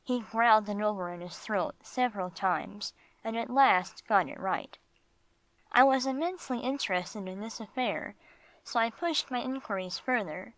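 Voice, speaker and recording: A woman's voice: mid-range voice, moderate pace, a bit bright, no room sound. Woman narrating an audiobook, dry sound. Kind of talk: scripted narration.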